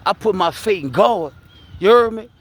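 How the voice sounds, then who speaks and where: A man's voice: high voice, lively intonation, moderate pace. A man with a Louisiana accent talking casually and preachily about hard lessons and faith, often asking "you heard me?". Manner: preachy street talk, keeps repeating "you heard me?". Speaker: vlogger sharing his life story. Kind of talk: casual motivational talk.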